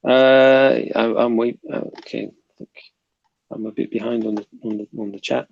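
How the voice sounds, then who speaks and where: A man's voice: medium pitch, fairly even intonation, moderate pace, creaky, lo-fi sound. A man with a South London accent hosting a casual livestream, reading viewer comments aloud and bantering. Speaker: livestream host reading chat.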